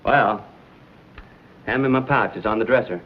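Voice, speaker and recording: A wry frontier adventurer, played by a man, in a vintage TV western, plainspoken in a low-middle voice. The soundtrack is dull with faint hiss. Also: normal speed, close to an everyday voice. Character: bold frontier adventurer hero, dry wit. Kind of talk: 1950s TV western drama.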